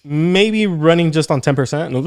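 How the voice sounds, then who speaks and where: Guy on a podcast, blunt and jokey, kinda high voice for a dude. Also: expressive, a little slow, a little mellow. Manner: blunt, joking, acts out quotes. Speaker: podcast co-host. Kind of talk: casual podcast banter.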